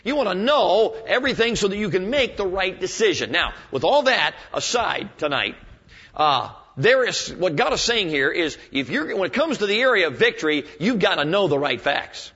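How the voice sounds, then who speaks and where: A man's voice: sits high, very animated, normal speed, sharp tone, breathy edge. Folksy preacher man, dull lo-fi recording. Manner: folksy, storytelling, rhetorical questions to the congregation. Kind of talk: evening sermon.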